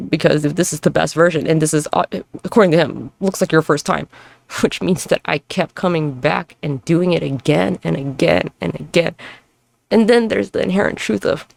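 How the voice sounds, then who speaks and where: A woman in her thirties talks alone on her podcast, her voice heavily gravelly with vocal fry. The sound is dry and close. She rambles, swears freely, and hops from one thought to the next as she moves around the room. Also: sits low, a little mellow, dry recording. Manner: rambling, profane, self-reflective, jumps between topics; moving around while talking. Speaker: podcast host. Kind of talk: solo podcast monologue. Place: at home with neighbors nearby.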